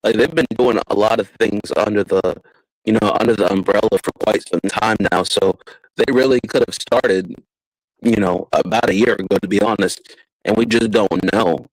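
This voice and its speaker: A man hosting a podcast in casual chat, getting animated when he describes fights. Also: on the low side, normal speed, no echo, rough recording. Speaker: podcast host.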